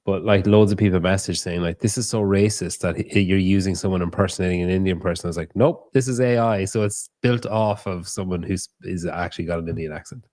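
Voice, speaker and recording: A man's voice: sits low, steady tone, fast, hardly any pauses, a little mellow, no echo, clean studio sound. A man hosting a podcast, chatting casually and telling rambling, joking stories with plenty of swearing. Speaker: podcast host.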